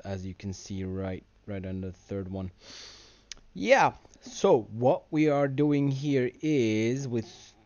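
A drowsy man drifts through loose gameplay commentary, wandering from one thing to the next. His voice is dark and gravelly with a lot of fry, and he speaks slowly. He sounds like he has been yawning all day. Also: medium pitch, no echo. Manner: rambling, drowsy, easily distracted. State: sleepy, yawning. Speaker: gamer and video host.

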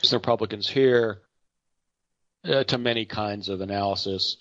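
A man's voice: on the low side, normal speed, fairly bright tone, no room sound, highs cut off. Rambling man talking markets. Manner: rambling, self-correcting, with frequent asides; chatty anecdotal storyteller. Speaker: market commentator. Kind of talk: unscripted market commentary monologue.

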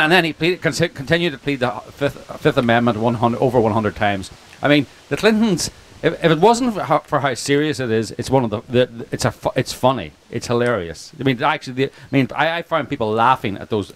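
A man with an Irish accent, a documentary filmmaker speaking informally to an audience, rambling and joking with many restarts and asides. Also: mid-range voice. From Ireland. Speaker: documentary filmmaker giving a speech. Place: outdoor picnic gathering.

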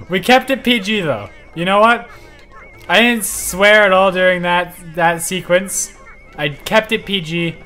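An excitable, jokey man hosting a livestream and giving casual commentary while he plays a game. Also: high-pitched, faint music behind. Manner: excitable and jokey, quick to yell. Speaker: livestream host.

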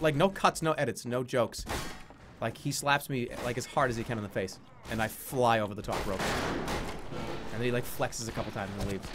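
A man streaming a game, chatting casually in a rambling, jokey way, sometimes jumping into loud, high mock-announcer bits. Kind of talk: casual gaming stream chat. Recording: game gunfire noise behind voice.

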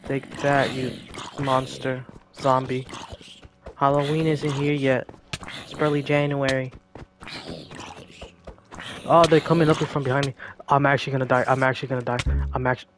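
A man giving casual gameplay commentary, jokey and excitable, talking to himself and to the game's creatures. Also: medium pitch, slight background noise.

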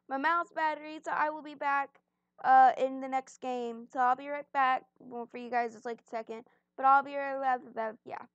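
A young woman with a slightly high voice talks through her game in a rambling, self-deprecating way, sometimes chewing as she speaks. The recording is dry and a little dull, as if made on a modest home mic. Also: no room sound. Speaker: gaming channel host. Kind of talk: casual gameplay commentary. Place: at home, on a bed.

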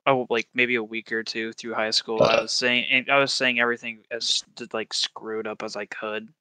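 A man's voice: mid-range voice, little pitch movement, moderate pace, sharp tone, clean tone, dry recording. A man hosting a gaming video, rambling casually with friends and swearing freely. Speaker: channel host. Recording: gameplay music behind voice.

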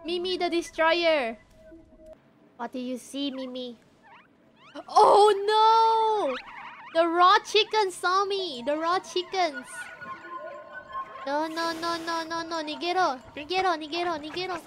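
Very high-pitched excitable woman streamer. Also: slow, long pauses, music in the background. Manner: excitable, squealing and shouting at the game; talks to the cat character, meowing. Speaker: streamer playing a game. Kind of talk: live game stream commentary.

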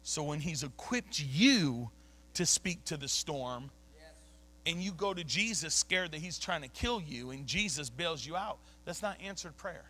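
A man's voice: fairly high pitch, expressive, measured pace, pushed and bright. A man preaching a sermon as a pastor, emphatic and conversational, dropping casual slang between points. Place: church sanctuary.

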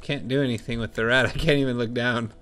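A man casually commenting while playing a game, thinking aloud in a musing, unhurried way. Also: mid-range voice, fairly even intonation, a bit bright, faint music behind. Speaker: let's play host.

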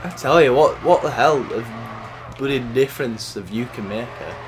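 A man casually commentating his racing gameplay, chatty and excitable, cursing at the game. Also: medium pitch, normal speed. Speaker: gaming YouTuber. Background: game music.

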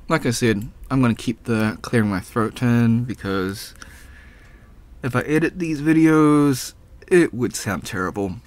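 A man with a hoarse, raspy voice from the flu, rambling casually and clearing his throat while talking over his gameplay. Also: medium pitch, slow pace, pauses often. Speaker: gaming vlogger.

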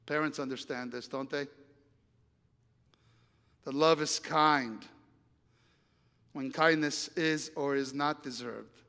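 A man's voice: mid-range voice, steady tone, slow, long pauses, bright, forceful tone, smooth. A male pastor preaching a sermon, telling a story and acting out the dialogue, then building to emphatic appeals. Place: church sanctuary. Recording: long church reverb.

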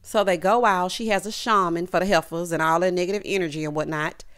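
A woman giving a casual, sassy recap of a reality show, with animated asides to the viewer. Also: fairly low pitch, fast talker.

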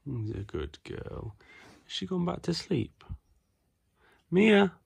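Home-video mum, low, unhurried voice, coaxing pet talk. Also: female voice, sing-song, vocal fry, darkish tone, slightly rough. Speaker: dog owner and new mother filming at home. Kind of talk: home video, talking to her dogs. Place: family home.

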